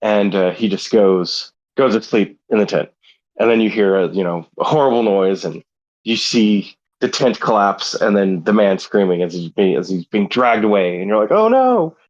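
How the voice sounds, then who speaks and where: A man's voice: fairly low pitch, steady tone, normal speed, dull audio. A man co-hosting a casual podcast, telling a rambling, playful made-up story. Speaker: podcast co-host. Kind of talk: casual chat, improvised movie pitch.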